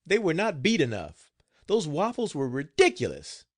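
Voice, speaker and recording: Man voicing plantation mistress, screaming, scolding, very high voice, storybook reading. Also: wildly swooping pitch, moderate pace, no echo, clean studio sound. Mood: enraged. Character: quick-tempered shrieking plantation mistress.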